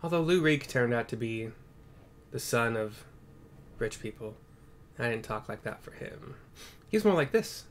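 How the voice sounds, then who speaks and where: A man's voice: mid-range voice, unhurried, long pauses, slight background noise. A man giving casual, irreverent commentary while narrating his playthrough of a game, with swearing asides.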